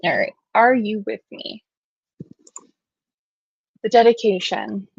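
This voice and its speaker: A woman's voice: medium pitch, animated, slow, vocal fry, long pauses, slightly rough, no room sound, highs cut off. A woman hosting a true-crime livestream, chatting casually and reading aloud, close to tears and poking fun at herself. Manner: chatty, self-deprecating, emotional while reading. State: near tears.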